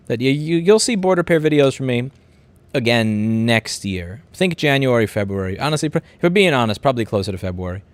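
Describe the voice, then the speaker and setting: A man's voice: lowish voice, no room sound. A man in his thirties with a New York accent, hosting a casual livestream. He reads out viewer comments and answers them bluntly, sometimes with profanity, rambling and restarting his sentences. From Queens, New York City. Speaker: livestream host.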